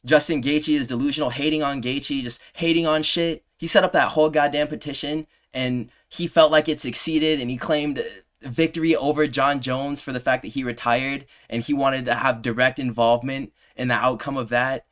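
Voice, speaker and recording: A man in his twenties ranting heatedly in a commentary video, combative and heavy on profanity, his voice sinking low on trailing asides. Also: fairly even intonation, normal speed, fairly bright tone. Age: 20s. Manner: drops pitch on trailing "bro". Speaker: MMA commentary creator.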